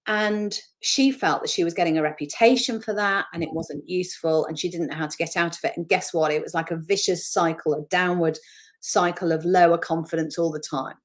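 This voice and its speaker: A woman's voice: lowish voice, fairly quick. A woman from the north of England with a Northern English accent, a motivational speaker talking in an interview and acting out voices as she explains. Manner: animated, acts out voices of self-talk. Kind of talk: webinar interview talk.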